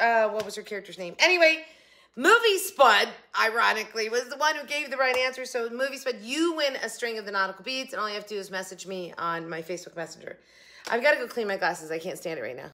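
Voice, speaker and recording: The channel host, a woman with an expressive mid-range voice, runs through a shopping haul in her kitchen at a quick pace, sounding pushed and bright. She rambles chattily and keeps interrupting herself mid-thought, all recorded on a phone camera.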